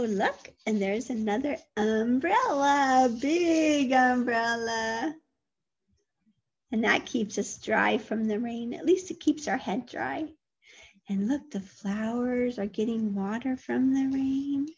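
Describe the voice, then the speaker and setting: A woman teacher reading a picture book aloud to toddlers, gentle and full of questions, with animated sound effects. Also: sits high, slightly rough, lo-fi sound. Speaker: early childhood teacher.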